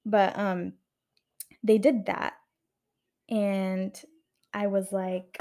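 A woman's voice: mid-range voice, flat delivery, drawn-out words, pauses often, warm tone. A young woman ranting casually on her vlog, heated and swearing often, full of fillers and restarts, recorded on a camera mic indoors at home. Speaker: video creator reviewing a film.

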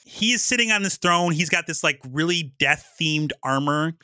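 A man with a bright, cutting voice walks a co-host through a game's story, animated and loose, full of "like" and restarts. His voice sits a bit high for a man and sounds close and dry, with no room around it. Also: normal speed, no room sound. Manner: animated storytelling, many fillers. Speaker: podcast host. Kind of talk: casual chat.

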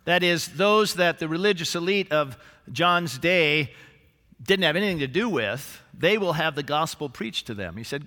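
A male senior pastor preaching a sermon in a church, animated and lively, with humorous asides and acted-out quotes. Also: a little high, moderate pace. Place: church sanctuary. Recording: live church recording with long hall reverb.

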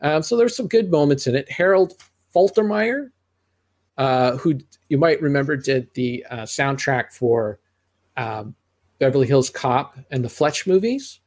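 With an animated but slightly slow delivery, a middle-aged man speaks in a mid-range, somewhat mellow voice. He co-hosts a podcast, casually reviewing movies in a rambling style with many restarts and asides.

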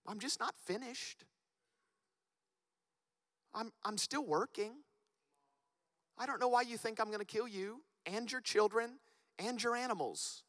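Patient God figure, gentle and reassuring, high bright voice in a reverberant hall, put on by a preaching man. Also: unhurried, pauses often. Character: patient male God, reassuring his people. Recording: long reverb of a church hall.

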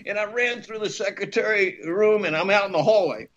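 A man, an actor guest, telling a lively anecdote, acting out voices and laughing often. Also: high voice, fairly quick, dull audio. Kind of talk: animated storytelling.

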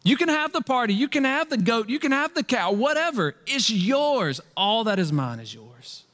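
A man's voice: fairly high pitch, quick pace. A man voicing a loving, generous father who welcomes his son home, his speech emphatic and pleading. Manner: emphatic, pleading, raised and excited. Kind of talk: sermon retelling a parable.

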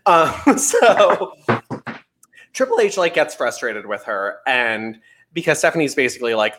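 A young man co-hosts a casual podcast chat. He is playful, laughs often and acts out quotes, and his pitch swings widely. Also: sing-song, a little slow, bright, forceful tone. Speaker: podcast co-host.

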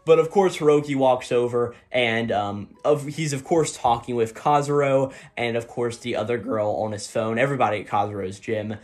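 A man's voice: medium pitch, moderate pace, hardly any pauses, darkish tone. A man casually recapping manga chapters in a rambling way, with lots of fillers, and paraphrasing the characters' lines in light voices. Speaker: host.

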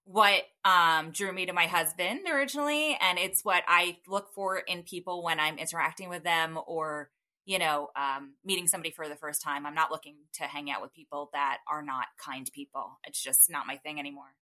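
A woman's voice: sits low, moderate pace, bright, forceful tone. A woman chatting as a guest over a call, rambling with fillers and laughing often. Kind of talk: casual chat. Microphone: call audio.

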